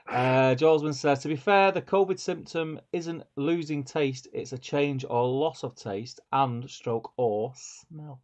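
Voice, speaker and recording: A man's voice: on the high side, slow pace, a little mellow. A man co-hosting a live stream, reading viewer comments aloud and chatting with a laugh. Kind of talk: casual live-stream chat. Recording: dull lo-fi stream audio.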